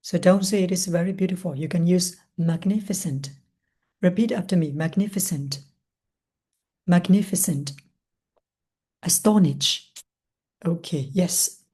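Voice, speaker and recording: A woman teaching English, reading a story aloud slowly and stopping to explain new words, asking questions and answering them herself. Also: lowish voice, dark tone. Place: language school classroom.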